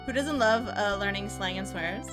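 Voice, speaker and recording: A woman's voice: mid-range voice, moderate pace. A woman from Toronto, hosting a casual livestream and rambling with jokes and frequent laughs as she works on pixel art. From Toronto, Canada. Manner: rambling, jokey, laughs often. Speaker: livestream host. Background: faint music.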